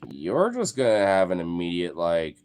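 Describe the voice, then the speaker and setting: Low-voiced young man, rambling and swearing. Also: huge pitch swings, moderate pace, a little mellow, clear, resonant tone, faint music behind. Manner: rambling, swears a lot, laughs often, filler-heavy. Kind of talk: casual live-stream chat.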